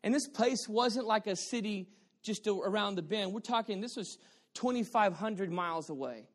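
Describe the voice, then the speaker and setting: A male pastor preaching a sermon, playful and animated, dropping to quiet asides and then shouting his points while bantering with the congregation. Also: high voice, moderate pace.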